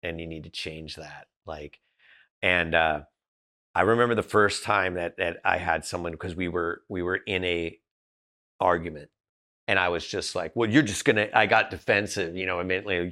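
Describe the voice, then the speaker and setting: Low-pitched and steady, his voice moves at a moderate pace with a bright, forceful tone. A Southern Californian business founder, he's on a podcast as a guest, sharing candid stories in a blunt, direct style and often starting sentences over.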